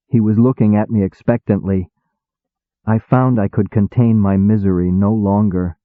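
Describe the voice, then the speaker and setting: A man reading first-person audiobook narration in a measured, wry manner. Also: on the low side, steady tone, no room sound. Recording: tinny phone-like dry sound.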